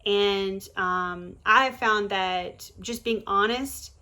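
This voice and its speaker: A woman's voice: medium pitch, slow, bright, forceful tone. Earnest woman sharing her faith. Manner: earnest, emphatic, conversational with many fillers and restarts. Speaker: faith vlogger on pregnancy loss. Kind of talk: heartfelt direct-to-camera talk.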